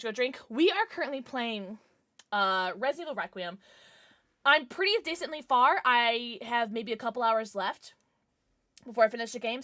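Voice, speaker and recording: Giggly woman streaming games, high voice that bounces all over, super bubbly. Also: fairly bright tone. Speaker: game streamer. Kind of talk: casual livestream chat.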